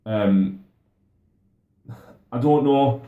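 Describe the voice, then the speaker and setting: A man's voice: medium pitch, very slow, reverberant, phone-quality sound. A young man chatting casually as co-host, often stammering and restarting his sentences. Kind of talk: casual chat.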